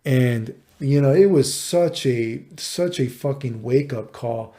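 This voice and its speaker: A man's voice: mid-range voice, slow, warm tone. A man in his thirties, a vlogger, telling a personal story in a rambling, exasperated way with plenty of swearing. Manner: rambling, profane, exasperated retelling.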